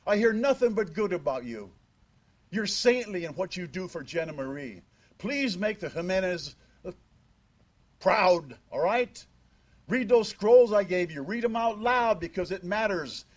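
Older man with a high voice, giving a eulogy. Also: animated, measured pace. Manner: emphatic, with rhetorical questions. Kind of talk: memorial speech. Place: memorial service in a church.

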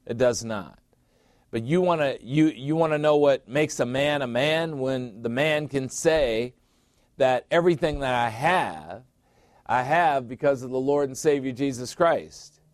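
A man's voice: medium pitch, a little slow, no room sound, clean studio sound. A middle-aged man preaching a sermon as pastor, emphatic, repeating phrases and putting questions to his listeners.

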